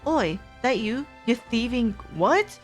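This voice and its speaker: A gruff male festival laborer, read out by a woman playing a game, heckles with insults and slang. The voice swings up and down in pitch, with soft game music in the background. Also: animated, slow pace. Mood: hostile.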